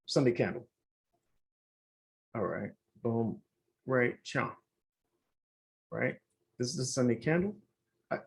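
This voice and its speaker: A man hosting a trading channel, talking casually through a screen-share market review, animated and repetitive, addressing viewers directly. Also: mid-range voice. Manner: animated, repeats himself, talks straight to viewers. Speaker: forex trading channel host.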